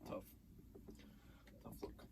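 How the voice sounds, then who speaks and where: A man in his twenties co-hosting a podcast in a basement studio, telling stories in an animated way and quoting others. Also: extremely slow, background noise. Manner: animated storyteller, quotes others. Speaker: podcast co-host. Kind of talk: casual chat.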